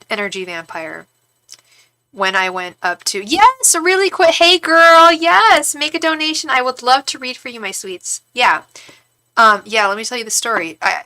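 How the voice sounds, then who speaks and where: Woman, tarot streamer, bright tone, animated gossip with lots of restarts. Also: medium pitch. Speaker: tarot reader and psychic on a live stream. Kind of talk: casual storytelling to a live chat.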